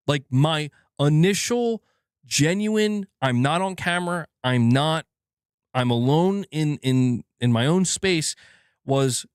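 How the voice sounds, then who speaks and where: A man's voice: fairly high pitch, smooth, no echo, clean studio sound. A man hosting a gaming channel, ranting on a casual livestream from home and swearing freely. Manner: animated, emphatic, swears freely. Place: alone at home.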